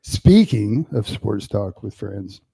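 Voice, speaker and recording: A man co-hosting a sports podcast, chatting casually and telling stories with animated quoted voices. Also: fairly low pitch, takes it slowly, gravelly, slightly rough. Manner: animated storyteller, acts out quotes. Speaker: podcast co-host. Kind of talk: casual sports chat, storytelling.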